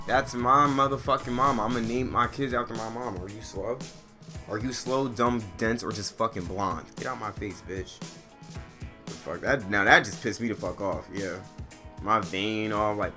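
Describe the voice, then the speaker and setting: A man reading online stories aloud while playing a game, breaking into loud, profane, animated rants. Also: medium pitch. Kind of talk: casual gaming commentary with rants. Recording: gameplay music behind the voice.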